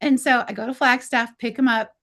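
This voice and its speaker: A woman's voice: on the high side, fairly even intonation, fairly quick, a bit bright. A woman in her fifties from Arizona, a guest telling a personal story in a chatty way, often acting out what others said. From Arizona, USA. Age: 50s. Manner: chatty, acts out others' lines in quotes, many "like" fillers.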